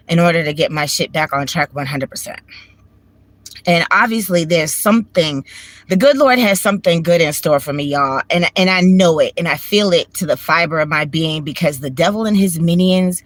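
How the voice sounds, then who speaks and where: A woman's voice: on the low side, lively intonation, moderate pace, dry recording. Candid Washington DC woman ranting from her car. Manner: candid, profane, rambling. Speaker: vlogger. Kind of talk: casual emotional chat. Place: in a parked car.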